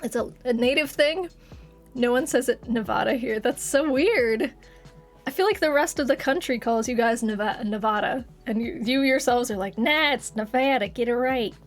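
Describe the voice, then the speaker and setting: A woman's voice: on the high side, normal speed, faint music behind. A young woman from Texas chatting casually with viewers on a live stream, giggling and laughing often.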